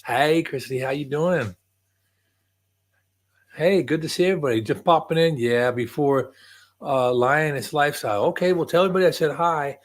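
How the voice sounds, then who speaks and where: A man's voice: fairly high pitch, normal speed. An older man hosting a casual livestream from home, chatting in a rambling way and greeting viewers by name. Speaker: livestream host.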